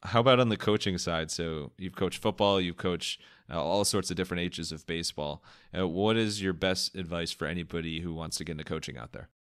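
A man's voice: low-pitched, fairly quick, few pauses, a bit bright, clear, resonant tone, no echo, studio quality. A man hosting a podcast, asking questions in an upbeat, thankful, casual way. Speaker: podcast host. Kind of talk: casual interview chat.

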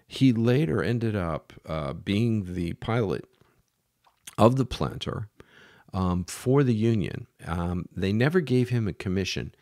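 Slow gravelly-voiced man telling history. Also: low voice, a little mellow, no echo, studio quality. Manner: unhurried, halting with many fillers and restarts. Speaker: podcast host. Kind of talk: storytelling history talk.

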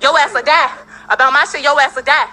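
A woman's voice: high-pitched, fairly even intonation, fast, crowd noise. A woman inside a house, filming on her phone as she confronts someone, cursing and repeating angry threats. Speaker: woman confronting a neighbor over theft. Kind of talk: heated confrontation filmed on a phone. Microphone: handheld phone.

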